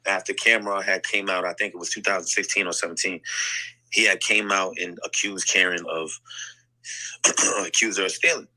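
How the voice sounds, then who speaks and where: A man's voice: low voice, fairly even intonation, moderate pace, sharp tone, rough recording. A man telling a story in a casual online audio chat, blunt and profane, full of fillers, on a phone mic. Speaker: guest rapper telling a story. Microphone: phone mic in an online audio room.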